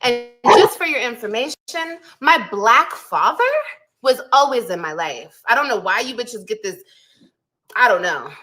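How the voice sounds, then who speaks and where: A woman's voice: a little high, lively intonation, unhurried, sharp tone, low-quality recording. A woman in a heated rant to her camera, defiant and mocking, swearing often. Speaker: content creator in a played clip.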